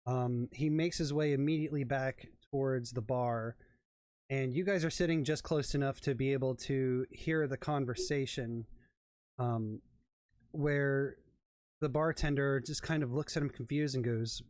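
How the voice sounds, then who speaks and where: A man narrating as game master, in an unhurried, halting manner. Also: medium pitch, steady tone, darkish tone, no room sound, studio quality. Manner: unhurried, with many fillers and restarts.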